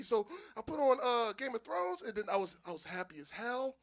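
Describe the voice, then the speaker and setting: A man's voice: very high voice, brisk. A man from doing a stand-up comedy set, telling loose stories and laughing often at his own jokes. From Philadelphia. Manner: loose, animated storytelling with frequent laughs. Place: small live venue with audience.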